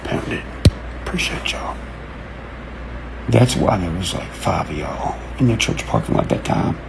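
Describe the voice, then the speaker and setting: A man, ranting excitedly to camera, cursing and jumping from one topic to the next as he acts out quotes. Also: low voice, a little slow, creaky, very noisy. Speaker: online creator. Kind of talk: rambling rant to camera.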